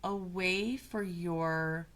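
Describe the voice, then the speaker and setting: A woman guest on a coaching podcast, talking in a reflective way and often pausing to find her words. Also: lowish voice, steady tone, fairly bright tone. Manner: thoughtful, searching for words, restarts mid-phrase.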